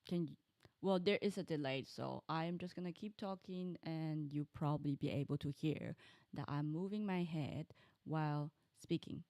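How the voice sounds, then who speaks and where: A woman's voice: sits low, moderate pace, warm tone, no room sound. A woman game streamer chatting casually on a live stream, thinking aloud and muttering to herself as she fiddles with her audio settings.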